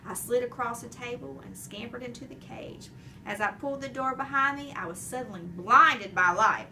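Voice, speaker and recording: A woman narrating a children's chapter book in an expressive, animated storytelling way. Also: a little high, moderate pace, distant mic, a little hiss or hum. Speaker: audiobook reader.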